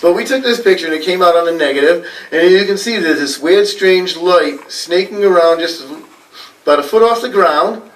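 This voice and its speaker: The storyteller, a New England man addressing a library audience, has a voice on the high side with a fairly bright tone. He rambles casually, chatting with many fillers and frequent laughs, and the recording catches him from a little way off the mic.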